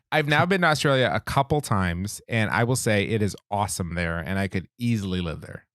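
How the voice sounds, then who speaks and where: An animated man co-hosting a casual podcast, his pitch moving a lot as he talks. He laughs easily. The sound is close and dry. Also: normal speed, dry recording. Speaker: podcast co-host. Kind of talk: casual chat.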